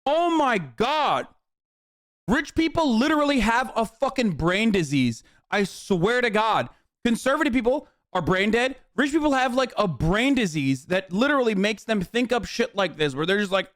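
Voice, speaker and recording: A man livestreaming his reaction to a video, ranting angrily with constant swearing and bursts of shouting. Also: sits high, very animated, moderate pace, no echo, studio quality. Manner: angry, swearing, often shouting in disbelief. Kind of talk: heated profane rant.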